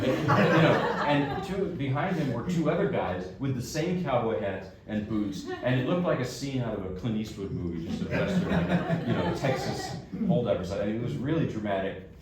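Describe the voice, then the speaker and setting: A man from New Jersey who plays classical piano, telling a self-deprecating story to an audience in a casual way. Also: mid-range voice. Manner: chatty, self-deprecating anecdote teller. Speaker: classical pianist giving a recital talk. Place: concert hall. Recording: echoey hall from far off, background noise.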